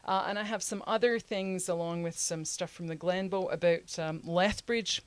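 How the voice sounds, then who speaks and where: A woman's voice: lowish voice, steady tone, moderate pace, no room sound. A woman co-hosting a history podcast, talking casually with laughing asides and many fillers. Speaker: podcast co-host.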